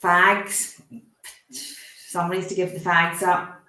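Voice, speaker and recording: A woman working as a medium, talking haltingly and gently reassuring the sitter, often asking permission. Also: lowish voice, level tone. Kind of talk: live mediumship demonstration. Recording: roomy echo.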